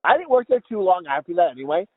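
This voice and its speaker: A man's voice: high-pitched, very animated, fast talker, dry recording, narrow, tinny audio. A man on a podcast, telling a casual comedic story in a rambling, profane way with many restarts. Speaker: podcast co-host.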